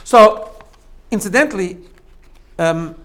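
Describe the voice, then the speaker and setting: A man's voice: high-pitched, slow, a bit bright. A man giving a spoken lesson, explaining step by step with frequent "right?" checks and repeated phrases. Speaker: teacher. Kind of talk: spoken lesson on self-growth.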